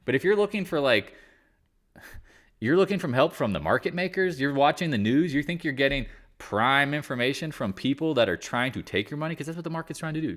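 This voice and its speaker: A man's voice: mid-range voice, expressive, brisk, a bit bright. A man hosting a casual live market chat, talking in a blunt, rambling and exasperated way. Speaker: market commentary host.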